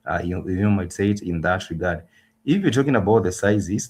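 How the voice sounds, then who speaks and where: A man teaching Swahili words in a livestreamed lesson, patient and repetitive, pausing often with filler sounds. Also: sits low, animated, darkish tone.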